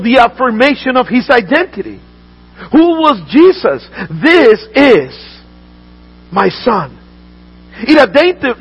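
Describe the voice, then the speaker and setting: High, husky male preacher. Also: fairly bright tone, poor audio. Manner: earnest preaching with frequent repeated words and restarts. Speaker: pastor. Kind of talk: sermon.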